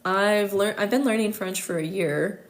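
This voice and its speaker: A woman's voice: medium pitch, normal speed. A young American woman with an American accent, hosting a casual livestream chat, talking chattily with many fillers and frequent laughs. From United States. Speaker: host.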